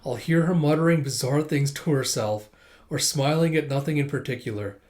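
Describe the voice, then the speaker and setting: A man voicing a strict, formal woman high school teacher in a plain reading voice, stiff and lecturing. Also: normal speed, darkish tone, close to an everyday voice. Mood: stern.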